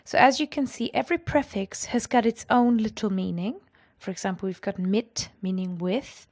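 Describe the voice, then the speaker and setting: A woman explaining grammar in a clear, patient lesson. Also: mid-range voice, normal speed, a little mellow. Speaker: language teacher.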